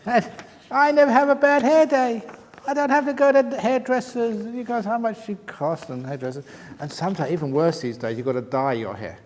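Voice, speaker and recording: Joking older monk in a reverberant hall. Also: male voice, sits high, normal speed, a little mellow. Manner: jokey, laughs at his own jokes, reads out written questions. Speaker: Buddhist monk answering retreat questions. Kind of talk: humorous Q&A talk. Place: meditation retreat hall.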